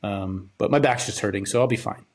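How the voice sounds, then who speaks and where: A young man hosting a podcast, telling a personal story in a halting, subdued, grieving way, often trailing off and repeating words. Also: on the low side. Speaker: podcast host.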